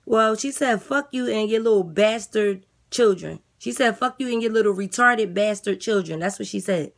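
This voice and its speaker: A woman playing a weary jail guard who relays messages in a flat, matter-of-fact way. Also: mid-range voice, moderate pace, gravelly, close to an everyday voice. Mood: blunt. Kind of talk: comedy skit character voice.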